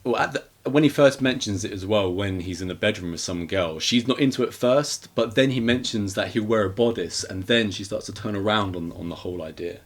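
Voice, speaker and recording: A man co-hosting a podcast, casually recapping a horror film in a rambling, animated way with acted-out quotes. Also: on the low side, brisk, few pauses. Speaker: podcast co-host. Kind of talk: casual movie recap chat.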